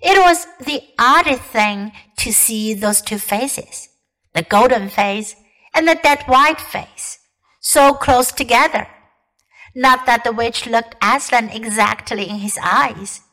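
A woman teacher reading a classic storybook aloud in a careful, expressive way. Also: on the high side, slow, low-quality recording.

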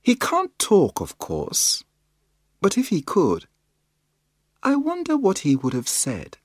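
A man reading a children's picture book aloud in a slow, expressive storytelling manner. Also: high-pitched, no echo, clean studio sound. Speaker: storybook reader.

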